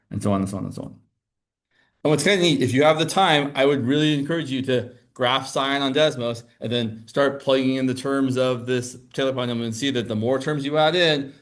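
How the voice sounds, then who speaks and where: In a classroom lecture, a man with an ordinary middle-pitched voice teaches math in a relaxed, conversational manner, explaining each step as he writes on the board.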